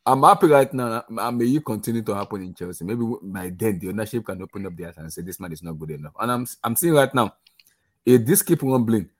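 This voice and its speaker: Low, lively man ranting about football. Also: fast. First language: Arabic. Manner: animated, mocking rants. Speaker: football pundit. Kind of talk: casual podcast chat.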